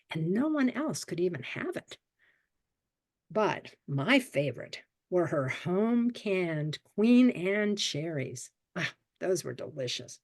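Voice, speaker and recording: Expressive woman in her seventies telling stories. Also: on the low side. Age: 70s. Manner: vivid, expressive childhood memoir telling. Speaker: storyteller. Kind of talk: personal storytelling. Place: story swap event.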